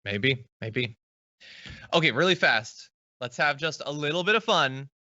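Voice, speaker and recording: Bright-voiced male host, dry lo-fi. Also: a little high, expressive, a little slow, no echo. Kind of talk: political commentary chat. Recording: dry, dull lo-fi sound.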